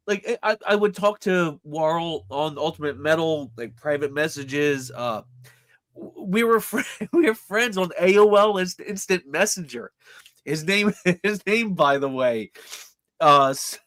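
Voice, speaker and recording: A man co-hosting a podcast, excitable and profane, tripping over his words in casual chat. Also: on the high side, dry recording. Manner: excitable, swears, stammering restarts. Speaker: podcast co-host.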